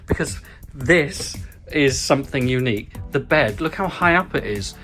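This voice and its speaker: A man hosts his own travel vlog, narrating as he goes with playful, self-mocking asides and theatrical gasps. His voice sits at an ordinary middle pitch, and clear music plays under him. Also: bright, forceful tone. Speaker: travel vlogger. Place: moving through stations, an airport and a small hotel cabin.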